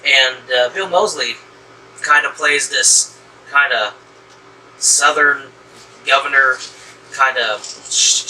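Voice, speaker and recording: A man's voice: mid-range voice, slow, pauses often, sharp tone. Rambling man reviewing a movie. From American South. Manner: rambling, many fillers and restarts. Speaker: horror movie reviewer, host. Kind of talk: casual movie review chat. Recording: distant mic with faint room hum.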